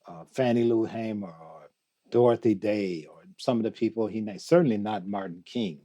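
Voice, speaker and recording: An older man as a guest in an interview, talking slowly and reflectively, reciting poetry and laughing often. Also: lowish voice, warm tone, muffled recording. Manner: slow, musing, quotes poetry, laughs often. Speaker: guest, theologian.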